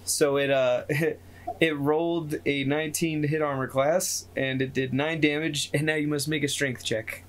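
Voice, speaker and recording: A man running a tabletop game as game master, narrating in a relaxed, meandering way. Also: fairly high pitch, normal speed, a little hiss or hum.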